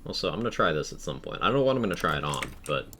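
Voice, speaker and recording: A man with a low-sitting, slightly bright voice and big pitch swings races through a live video game stream. He chats casually and explains the game mechanics to viewers over noisy live-stream audio.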